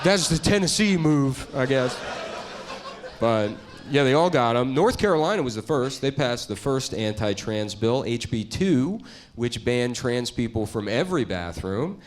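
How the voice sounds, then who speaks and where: Man, stand-up comedian, deadpan, crude, mid-pitched voice, live set, audible crowd noise. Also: a little slow. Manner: deadpan, crude, switching into mocking character voices. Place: stage before a live audience.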